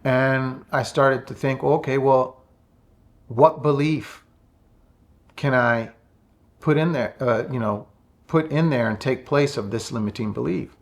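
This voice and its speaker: A man in his fifties, talking slowly and softly with many pauses in a reflective personal monologue about his spiritual path. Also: medium pitch. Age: 50s. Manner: slow, soft-spoken and introspective, with many pauses. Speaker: spiritual vlogger.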